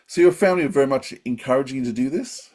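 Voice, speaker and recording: A man's voice: medium pitch, rapid-fire, a little mellow. A man with an Australian accent, hosting a podcast and asking a guest questions. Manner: friendly, inquisitive. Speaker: podcast host. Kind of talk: podcast interview.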